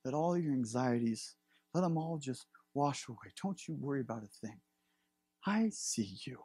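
Tender comforting teacher, as a preacher puts him on; soft, dry and close. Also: male voice, medium pitch, expressive, moderate pace, husky, dry recording. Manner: gentle, reassuring, soft.

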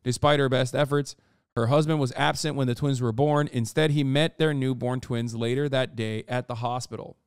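A man with a smooth, resonant voice reads an article aloud and keeps cutting in with profane, disbelieving asides. The sound is dry and close, with no room around it. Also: mid-range voice, steady tone, normal speed, no room sound. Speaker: streamer and commentator. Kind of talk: casual reaction commentary, reading an article aloud.

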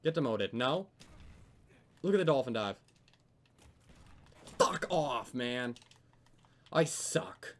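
A young man giving live commentary over a video game, swearing often and yelling when things go wrong. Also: mid-range voice, animated, slow pace, pauses often. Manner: swears a lot, yells when frustrated. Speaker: gaming commentator.

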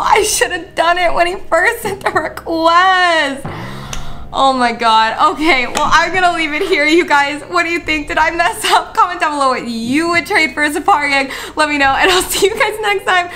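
A woman hosting a gaming channel, commenting excitedly over gameplay with frequent gasps and exclamations to her viewers. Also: very high-pitched, normal speed.

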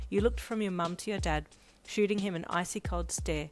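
A woman narrating audio fanfiction in a calm, even storytelling manner. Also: lowish voice, moderate pace, few pauses. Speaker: fanfiction reader. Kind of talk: scripted narration. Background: faint lo-fi music.

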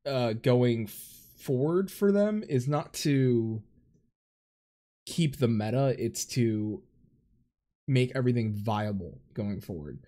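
A man co-hosting a casual gaming chat, talking at an ordinary pitch. He rambles through his points with plenty of fillers and asides. His voice comes through a headset over voice chat. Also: animated, slow, pauses often, warm tone. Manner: rambling, filler-heavy, laughs often. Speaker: podcast co-host.

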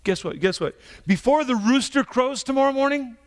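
A male pastor acting out a calm male teacher who questions a follower in a knowing, teasing way. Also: very high voice, moderate pace, long reverb tail, voice pushed up.

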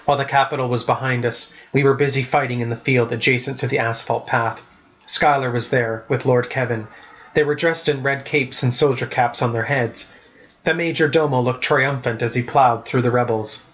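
A man, the author, narrating his storybook in a measured storytelling manner. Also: medium pitch, fairly even intonation, a bit bright, lo-fi sound. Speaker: author reading his novel.

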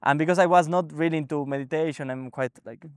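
Halting, animated man with a dry sound. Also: a little high, no echo. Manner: animated, halting, frequent restarts and fillers. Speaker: guest sharing a spiritual experience. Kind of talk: casual storytelling conversation. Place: ashram.

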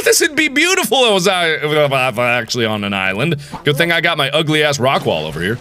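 A man giving excitable, jokey commentary while playing a video game, swinging between yelps and mutters. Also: fairly high pitch. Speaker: gaming video host. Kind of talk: gameplay commentary.

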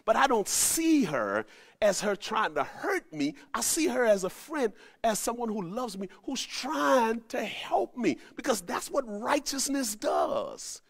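A man preaching a sermon, animated, rising to emphatic peaks and dropping to low asides. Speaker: pastor. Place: at home during the pandemic.

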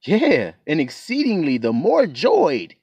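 A man preaching a sermon, reading scripture and unpacking it line by line, his high voice leaping up and down as he builds to shouted peaks. The sound is close and dry, with no room around it. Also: huge pitch swings, slow pace, breathy edge, no echo, muffled recording. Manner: emphatic, rising to shouts, calls and responses to himself.

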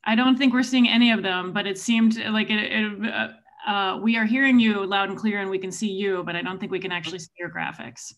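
A moderator cuts in politely over a video call at a middle pitch. The speech is hesitant and courteous. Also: fairly even intonation, fairly quick, few pauses, fairly bright tone. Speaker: session moderator. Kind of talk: online conference moderation.

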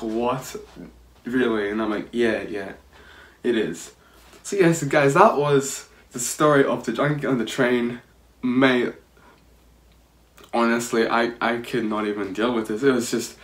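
Young man rambling a story, echoey room. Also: medium pitch. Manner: rambling, swearing, frequent restarts. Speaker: vlogger. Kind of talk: casual storytelling.

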